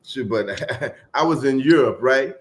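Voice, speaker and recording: A middle-aged man telling a long story as a podcast guest in a relaxed, casual way, trailing off into fillers and acting out the voices of the people in it. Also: mid-range voice, measured pace. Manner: laid-back, acts out quoted voices, trails off into fillers.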